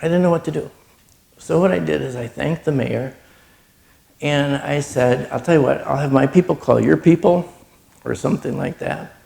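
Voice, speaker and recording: A middle-aged man giving an earnest personal testimony as a charity speaker, telling his story with pauses and moments of being choked up. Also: medium pitch, a little mellow. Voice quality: gravelly.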